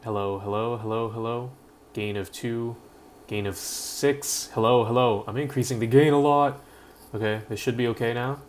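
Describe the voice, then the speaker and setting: A man live-streaming casually from home, mumbling while adjusting his audio settings, his throat rough enough that he keeps clearing it. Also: medium pitch, fairly even intonation, moderate pace, a little hiss or hum. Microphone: built-in webcam or laptop mic.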